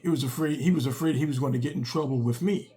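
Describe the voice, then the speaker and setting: A man, a father, telling a comic story in an animated way and acting out both sides of the dialogue. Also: mid-range voice, quick pace. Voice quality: gravelly.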